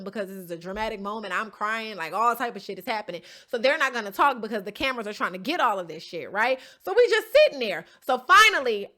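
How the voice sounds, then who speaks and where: A reality show contestant, a woman with a bright, fairly high-pitched voice, casually recaps an episode to camera. She's emphatic and tells it like a story, swears casually, and keeps checking in with "okay?" and "right?"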